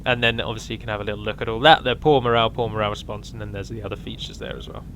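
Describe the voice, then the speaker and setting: A man's voice: fairly low pitch, steady tone, racing, a bit bright, slight background noise. A man giving a casual, rambling walkthrough of a strategy game mod, with frequent ums and restarts.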